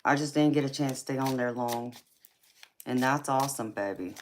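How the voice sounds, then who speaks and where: There's a little hiss or hum behind this woman's extremely low voice, which moves at a moderate pace. A tarot reader with a Southern US accent, she hosts a casual live stream, laid-back and giggly, laughing often and calling viewers baby and honey.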